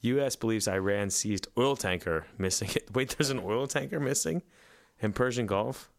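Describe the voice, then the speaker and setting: A man's voice: fairly low pitch, normal speed, vocal fry, slight background noise. A man co-hosting a casual podcast, reading news headlines aloud and quipping about them. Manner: reads headlines aloud, then laughs and quips.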